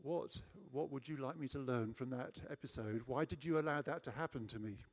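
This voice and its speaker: A man's voice: medium pitch, a little fast. A middle-aged man preaching a sermon, telling a personal story in a chatty, self-deprecating way.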